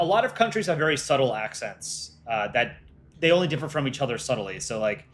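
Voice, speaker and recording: A man's voice: medium pitch, a bit bright. A man casually hosting a livestream, chatting with viewers in a loose way with restarts and frequent laughter. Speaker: animator and livestream host.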